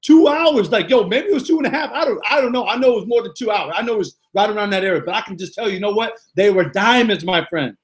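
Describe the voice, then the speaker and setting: A man's voice: high voice, expressive, fast talker, hardly any pauses. A middle-aged man, a motivational coach, talking live to viewers in an exuberant, repetitive way full of slang fillers.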